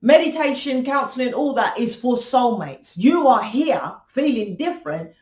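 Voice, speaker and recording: A woman's voice: fairly high pitch, expressive, moderate pace, a little mellow. A woman giving a blunt, confrontational tarot reading, swearing freely and lecturing the listener. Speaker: tarot reader. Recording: echoey room.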